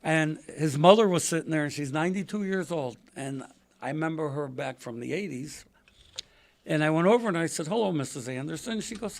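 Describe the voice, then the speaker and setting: An older man, a podcast guest telling racing stories in a casual, animated way, acting out quotes in a raised voice. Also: a little high, vocal fry. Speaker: podcast guest, retired race car driver. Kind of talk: casual storytelling interview.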